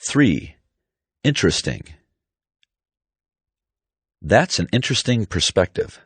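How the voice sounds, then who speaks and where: Man, very deep voice, lively pitch, slow deliberate drill reading. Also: no room sound. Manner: deliberate, clearly articulated reading. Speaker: pronunciation teacher.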